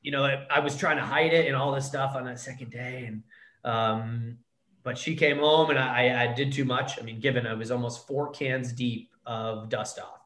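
A man's voice: medium pitch, fairly even intonation, normal speed, fairly bright tone. A man telling a candid recovery story as a podcast guest, blunt and profane, calling the host "dude". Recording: echoey room.

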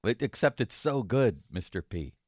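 A man hosting a sports radio talk show, chatting casually with jokes and reading ads in a relaxed, conversational way. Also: lowish voice, normal speed, no echo, clean studio sound.

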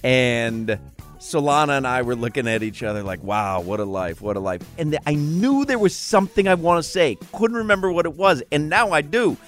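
Man, sports radio host, teasing banter, animated pitch, slightly high voice. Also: a little fast, faint music behind. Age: adult parent. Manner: joking, teasing co-hosts.

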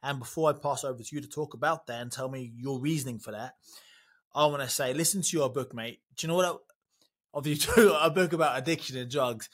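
A man's voice: mid-range voice, fast talker. Effusive British podcast host, a man. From Britain. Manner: effusive, enthusiastic, many restarts. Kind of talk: casual interview chat. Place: living in America.

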